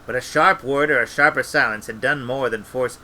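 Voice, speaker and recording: A man reading a story aloud in a relaxed way, with restarts and little asides. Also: medium pitch, brisk, slight background noise, poor audio. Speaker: audiobook reader.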